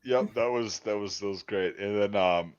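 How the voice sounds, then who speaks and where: A man casually chatting as a podcast host, swearing often and trailing off into quiet mumbles. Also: lowish voice, moderate pace, clear, resonant tone, muffled recording. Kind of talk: casual chat.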